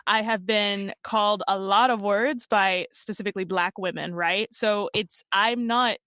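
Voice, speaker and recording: Frank, quick-talking woman hosting a podcast. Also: medium pitch, fairly even intonation, a bit bright, dry recording, studio quality. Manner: frank and quick, with plain-spoken asides. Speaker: podcast host. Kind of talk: candid podcast conversation.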